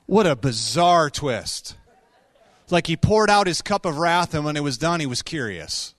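A male pastor tells stories in a sermon, talking conversationally with quick asides. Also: a little high, dry recording. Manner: conversational, animated storytelling with quick asides and laughs. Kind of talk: sermon storytelling.

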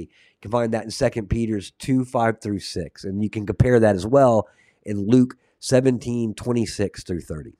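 A man's voice: lowish voice, moderate pace, mellow, no echo, studio quality. A man hosting a Christian podcast, reading scripture aloud and preaching in a casual, fervent way, with asides to his chat. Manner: earnest, reads verses aloud, drifts into asides to chat viewers; fillers and restarts, fervent and condemning tone.

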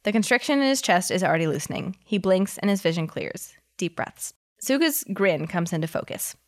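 A woman's voice: on the low side, animated, a little fast. A woman reading fan fiction aloud in a casual way, giggling often and breaking in with chatty asides. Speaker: reader.

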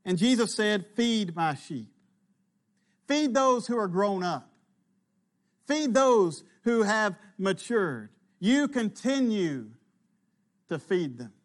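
A man delivers a sermon in an unhurried, emphatic way, letting his phrase ends sink low. His voice sits fairly high for a man. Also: sing-song. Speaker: preacher.

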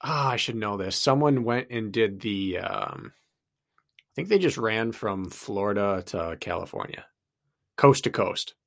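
A man's voice: fairly low pitch, lively intonation, measured pace, gravelly. A man co-hosting a podcast, telling an anecdote in an easygoing, casual way. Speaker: podcast co-host. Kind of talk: casual conversation.

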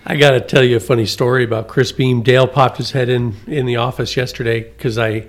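A man's voice: mid-range voice, steady tone, fairly quick. A man on a casual workplace podcast who tells funny stories and laughs easily. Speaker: co-host, hiring manager. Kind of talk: casual chat.

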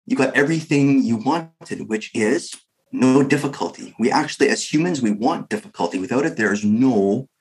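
A man voicing a calm, gentle angel who guides a dead man. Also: mid-range voice, normal speed, natural voice, low-quality recording. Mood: solemn.

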